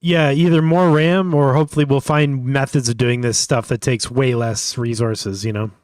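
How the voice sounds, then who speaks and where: A man's voice: medium pitch, steady tone, moderate pace, a little mellow, no room sound. Offhand man thinking aloud, dry sound. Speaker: livestream host. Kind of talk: casual live tutorial commentary.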